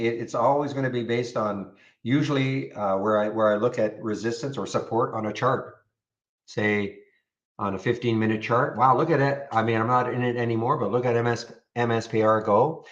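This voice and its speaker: In a muffled recording, a man with a mid-range voice runs a live trading room, chatting loosely over charts and responding to viewers. He tends to repeat words as he goes, giving live stream chart commentary.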